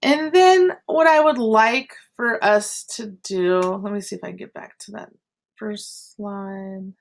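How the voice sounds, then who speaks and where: Slow-talking woman teaching art online. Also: mid-range voice, vocal fry. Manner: explains step by step with chatty asides. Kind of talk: online class lesson. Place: at home. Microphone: computer mic on a video call.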